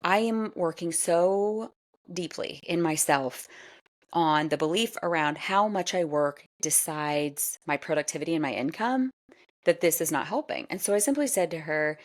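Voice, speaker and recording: Chatty podcast host, woman in her 40s, low voice, animated, laughs a lot. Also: moderate pace. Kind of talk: casual solo podcast talk.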